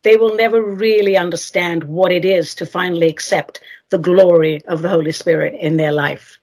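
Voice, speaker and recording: A woman's voice: lowish voice, fairly even intonation, normal speed, darkish tone. A woman hosting a spiritual radio talk show, speaking earnestly and asking her guest leading questions. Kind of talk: conversational interview.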